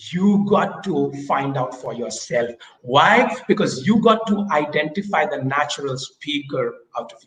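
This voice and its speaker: Energetic high-voiced coach. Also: male voice. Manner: energetic, switches between fast bursts and slow deliberate pauses. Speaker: public speaking coach. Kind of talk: online talk, coaching. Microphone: video call. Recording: echoey room.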